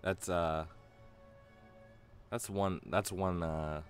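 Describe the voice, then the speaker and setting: A man's voice: low voice, fairly even intonation, drawn-out words, faint music behind. A man streaming a game, chatting casually in a rambling, hesitant way full of fillers. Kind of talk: casual let's-play chat.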